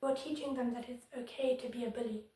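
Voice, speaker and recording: A woman's voice: on the high side, fairly even intonation, fast talker, mellow, far from the mic. A woman giving firm, earnest advocacy commentary to viewers as a vlogger. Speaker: disability vlogger. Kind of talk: direct-to-camera advocacy commentary. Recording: very echoey room, voice somewhat off-mic.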